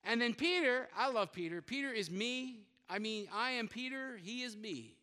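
A high, very bright man preaches with a lively, swinging pitch, acting out voices and teasing the congregation. His voice rings with the long reverb of a large hall. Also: moderate pace, clear, resonant tone. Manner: lively storytelling, acting out quotes, joking with the congregation. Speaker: pastor. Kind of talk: sermon.

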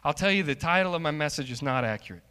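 A man preaching a sermon as pastor, slow and emphatic, building in intensity. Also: a little high, lively intonation, sharp tone, smooth, big-room sound.

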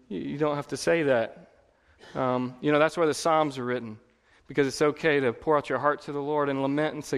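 A man's voice: a little high, steady tone, fairly quick, clear, resonant tone, in a large hall. A man preaching a sermon as pastor, conversational, swelling into emphatic repeated phrases. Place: church.

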